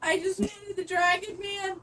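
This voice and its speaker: A woman's voice: very high voice, fairly even intonation, measured pace, pushed and bright. A drunk woman chatting bluntly and swearing with her sister during a stream.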